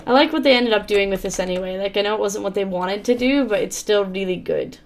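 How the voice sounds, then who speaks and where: A woman's voice: mid-range voice, fast talker. A woman hosting a let's-play, commenting casually on small indie games. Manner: casual, reads game text aloud between remarks.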